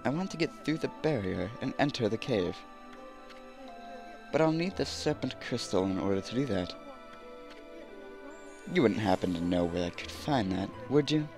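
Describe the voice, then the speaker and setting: A man's voice: on the low side, expressive, moderate pace, long pauses, over music. A man doing a smug, theatrical swordsman. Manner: theatrical, sprinkles French phrases. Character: flamboyant young male swordsman prophet, smug.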